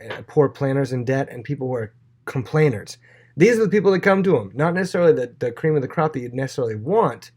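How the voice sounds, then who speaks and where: A man's voice: medium pitch, a little mellow. Chatty man teaching a Bible class. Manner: chatty, acts out quotes in playful voices. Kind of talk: casual Bible lesson.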